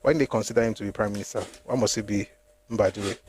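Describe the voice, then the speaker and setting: A lowish, darkish male voice with fairly even intonation carries a history channel reading of a memoir, with a slight hiss or hum in the audio. He reads steadily but pauses at times to offer comments and reread sections.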